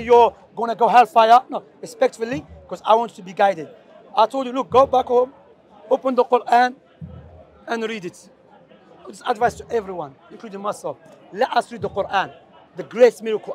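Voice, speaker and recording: High-voiced man preaching outdoors in a debate. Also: brisk, a faint crowd. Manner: earnest, animated and persuasive, sprinkled with Arabic phrases. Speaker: street preacher. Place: busy outdoor public space.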